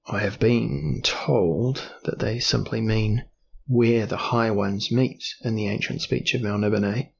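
A man voicing a cunning, curious explorer duke in a storybook reading, deliberate and probing. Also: fairly low pitch, fairly even intonation, creaky, slightly rough, heavily acted. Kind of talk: audiobook character reading.

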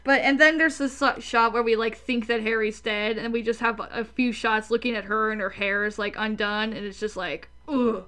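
Higher-voiced woman chatting casually. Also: steady tone, moderate pace, few pauses, a bit bright. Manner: rambling, filler-heavy, enthusiastic, swears casually. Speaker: podcast co-host. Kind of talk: casual film discussion.

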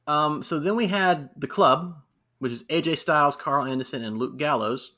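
A young man co-hosting a casual wrestling recap podcast, animated and quick to laugh. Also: on the high side. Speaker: podcast co-host.

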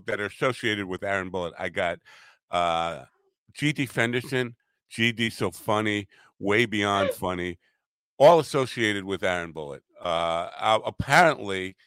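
A man hosting a casual podcast, talking haltingly with many fillers and restarts. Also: lowish voice, a bit bright, clear, resonant tone, no room sound. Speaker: podcast host.

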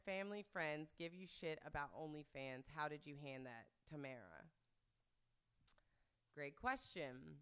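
A woman's voice: deep voice, fairly bright tone, clean tone. A young woman vlogger telling a story casually, rambling with lots of fillers and swearing. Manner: rambling, profane, heavy filler words. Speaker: vlogger answering viewer questions.

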